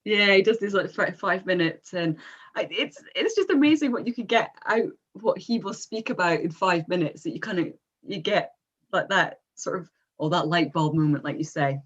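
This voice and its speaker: Lively woman on a dull call line. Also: on the low side, normal speed. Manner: agreeable, chiming in with short affirmations. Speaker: marketing coach and co-host. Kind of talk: casual chat.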